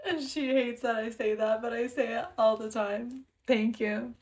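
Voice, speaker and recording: With a fairly high, steady, slightly mellow voice, a young woman from Canada speaks a little slowly as she hosts a casual livestream. She tells a story, giggling often and stopping between lines to thank her viewers.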